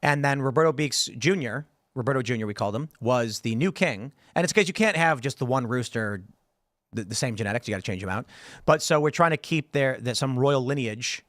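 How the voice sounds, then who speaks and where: A man hosting a casual panel talk show, telling stories in an animated way and reading viewer comments aloud. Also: medium pitch, brisk, dry recording, clean studio sound. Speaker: show host.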